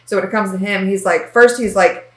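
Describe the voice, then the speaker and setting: A young woman co-hosting a casual chat, telling animated, giggly stories. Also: medium pitch, brisk, roomy sound, poor audio. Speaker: co-host.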